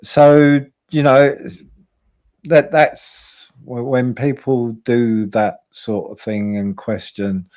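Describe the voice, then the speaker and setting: A man's voice: medium pitch, little pitch movement, slow, a little mellow. A man hosting a casual livestream chat, talking bluntly with lots of swearing and repeated words. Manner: blunt, profane, repeats himself. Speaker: host.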